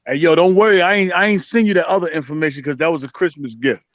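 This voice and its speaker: A man calling into a casual chat show, talking fast and animated. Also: fairly high pitch, slight background noise. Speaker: caller. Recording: dull lo-fi phone call.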